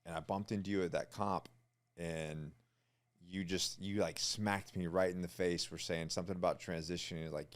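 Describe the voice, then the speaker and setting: A man hosting an interview, speaking quietly and reflectively. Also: low voice, fairly even intonation, normal speed. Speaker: podcast host. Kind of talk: casual interview chat.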